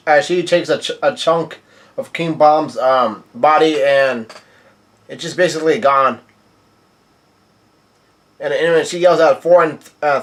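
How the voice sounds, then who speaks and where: A young man talks through a manga chapter panel by panel in a casual recap. His voice sits a little high for a man. He rambles, fills gaps with "uh" and often restarts his sentences. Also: fairly bright tone. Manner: rambling, many "uh" fillers and restarts. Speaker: manga reviewer.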